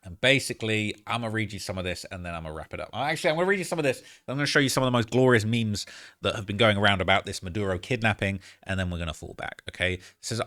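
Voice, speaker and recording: A man giving casual, slangy political commentary, constantly checking in with "all right?". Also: fairly low pitch. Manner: slangy, animated, keeps tagging lines with "all right?".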